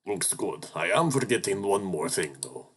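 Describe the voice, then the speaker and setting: A man voicing a friendly, fatherly male wolf who runs an office, in a relaxed, teasing way. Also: low-pitched, moderate pace, slightly rough, full character voice. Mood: genial. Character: friendly male wolf office boss, middle-aged, genial. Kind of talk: voice acting a visual novel.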